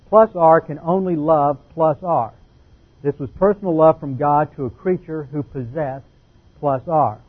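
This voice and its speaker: A man's voice: a little high, husky, narrow, tinny audio. A man preaching a methodical doctrinal Bible lesson, laying out numbered points and careful definitions.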